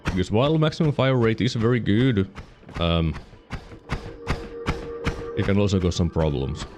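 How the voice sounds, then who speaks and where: A game streamer with a Finnish accent and a low, deep voice talks through his gameplay at a moderate pace, explaining the mechanics in casual detail. He rambles, corrects himself mid-thought and keeps hiccuping, while soft music plays faintly behind him.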